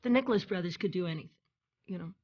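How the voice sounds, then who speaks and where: A woman's voice: fairly low pitch, rapid-fire, a little mellow, dull audio. A woman recalling performers fondly and enthusiastically in a documentary interview.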